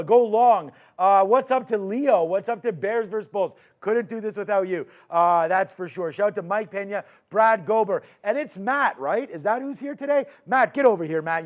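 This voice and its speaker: High-voiced, energetic male host. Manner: energetic, loud shout-outs. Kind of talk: live market show sign-off.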